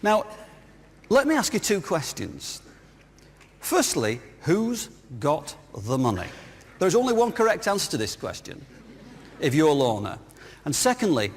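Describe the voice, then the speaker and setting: A man's voice: fairly high pitch, breathy edge. A man, a business speaker giving a jokey, anecdotal conference talk and asking his audience questions. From northern England. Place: large hall with audience. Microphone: clip-on lapel mic. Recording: reverberant hall.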